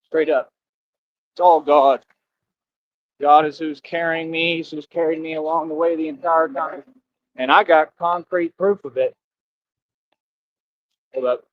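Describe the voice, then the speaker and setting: A man's voice: fairly high pitch, steady tone, a little slow, pauses often, slight background noise. A tired man livestreaming in casual chat, boastful and streetwise, laughing often. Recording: dull lo-fi stream audio.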